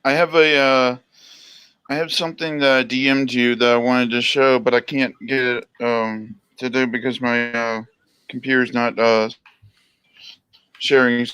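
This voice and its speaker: A man's voice: mid-range voice, level tone, measured pace, pushed and bright, clear, resonant tone, no echo. A man guest on a live stream, asking for help in a hesitant way. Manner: hesitant, full of ums. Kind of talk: casual live-stream chat.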